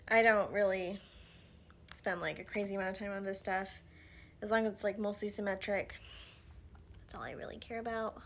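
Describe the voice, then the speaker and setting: Doing her makeup at home, a pregnant vlogger in her thirties talks to camera in a chatty get-ready-with-me style, slightly winded, with lots of fillers and quiet murmured asides. Her pitch is medium, and there's a bit of background noise.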